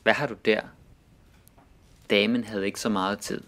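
A man's voice: fairly low pitch, steady tone. A man reading short example sentences aloud, saying each one twice. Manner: reads each phrase slowly twice, laughing softly between.

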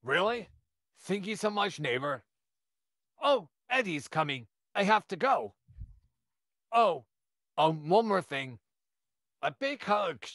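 A man's voice: high voice, very animated, slow pace, long pauses, fairly bright tone, no room sound, clean studio sound, exaggerated voice. A man doing an overeager gushing neighbor guy. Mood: excited. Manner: eager, gushing, stammering. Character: overexcited friendly young man neighbor, loves moths. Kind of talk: listener role-play.

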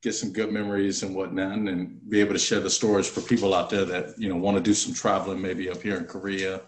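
A relaxed man chats as a podcast guest, easygoing and full of casual fillers. His voice sits fairly low. He comes through a video call from a roomy, echoey space. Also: fast. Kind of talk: casual chat.

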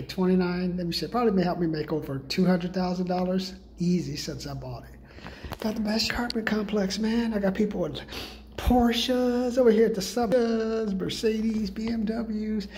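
A man ranting in a comedic monologue as a self-styled sales guru, profane and rambling in streetwise slang, pushing his pricey programs. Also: darkish tone. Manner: hard-sell pitchman. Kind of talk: comedic rant.

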